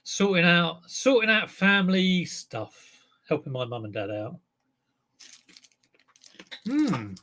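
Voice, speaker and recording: A man's voice: high voice, expressive, takes it slowly, long pauses, bright, forceful tone. A man chatting casually on his live stream as a clothes reseller, self-mocking, humming along and talking while he eats. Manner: chatty, self-mocking, breaks into song and talks while eating.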